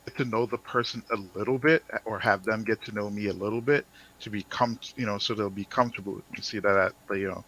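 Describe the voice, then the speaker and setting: Man from Jamaica, bright voice, lowish pitch, casual rambling chat, big bursts of laughter. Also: fairly even intonation, fast, poor audio. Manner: laughs loudly and often, loose rambling talk. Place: home, lives in the United States.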